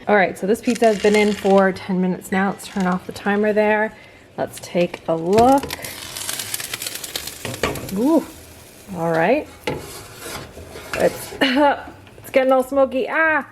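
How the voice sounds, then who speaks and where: A woman's voice: mid-range voice, darkish tone, slight background noise. Chatty self-mocking woman vlogging in her kitchen. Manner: chatty, self-mocking, talks to herself while cooking. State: pregnant. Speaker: cooking vlogger. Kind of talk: casual chat to camera. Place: home kitchen. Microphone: camera on a stand.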